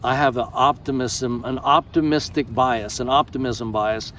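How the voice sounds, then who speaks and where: A man's voice: medium pitch, moderate pace, a bit bright, slight background noise. A middle-aged American man vlogging in a casual, emphatic and effusive way, swearing freely as he talks. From United States. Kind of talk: casual vlog talk.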